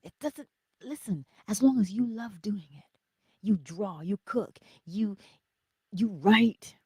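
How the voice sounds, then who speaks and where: A middle-aged woman hosting a casual spiritual livestream, chatting with viewers, telling stories and often dropping into soft whispers. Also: medium pitch, slow, breathy edge, dry recording. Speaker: host of a morning livestream.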